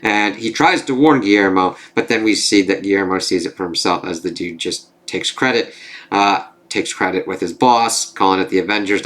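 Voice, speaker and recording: A TV reviewer with a low, fairly bright voice recaps a TV episode. He rambles casually, swears freely, and leans on plenty of fillers.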